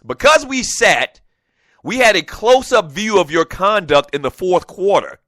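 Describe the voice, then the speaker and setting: A man putting on the voice of a stern male drill sergeant, loud, clipped and commanding. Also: high-pitched, sing-song, measured pace, no echo, voice pushed up, heavily acted. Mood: stern barking.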